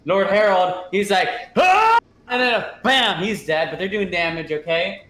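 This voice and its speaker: A man rambling through an excitable recap of a tabletop game session, acting out characters with shouts and sound effects. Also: sits high, normal speed, roomy sound, rough recording. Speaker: player giving the recap.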